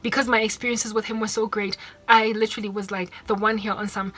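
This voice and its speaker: A woman's voice: medium pitch, flat delivery, fast, hardly any pauses, bright, forceful tone, soft background music. A woman from South Africa with a South African accent, telling a personal story on her vlog, emotional and repeating herself as she quotes the people involved. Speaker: vlogger.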